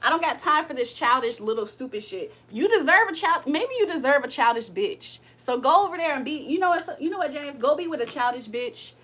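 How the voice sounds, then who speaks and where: Bright, high-voiced annoyed woman streamer. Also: expressive, a little fast, few pauses. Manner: blunt, profane, annoyed venting with frequent laughs. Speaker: spiritual reader and livestream host. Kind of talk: casual livestream chat and card readings. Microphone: streaming setup.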